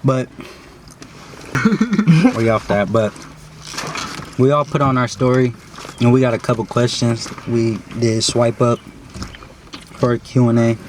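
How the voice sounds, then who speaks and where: A man's voice: medium pitch, flat delivery, normal speed, long pauses. A young man casually hosting a mukbang vlog, talking in laid-back slang and laughing with his friends. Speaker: vlog host. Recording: loud background noise.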